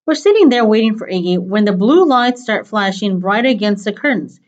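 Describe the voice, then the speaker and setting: A woman's voice: medium pitch, expressive, brisk, hardly any pauses, highs cut off. Woman reading a novel aloud. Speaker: reader.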